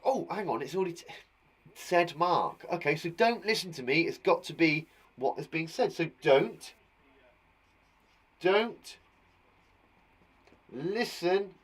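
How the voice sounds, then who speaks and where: A man with an English accent teaching a live online English lesson to young children, patient and encouraging, talking aloud as he writes. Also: a little high. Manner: patient, encouraging, talks aloud while writing. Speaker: primary school teacher.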